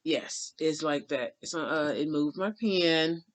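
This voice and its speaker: A spiritual channeler tells a rambling, heartfelt story in casual vlog style, his voice on the high side and his pace slow. He restarts often and drops folksy, drawling asides like "child" and "honey."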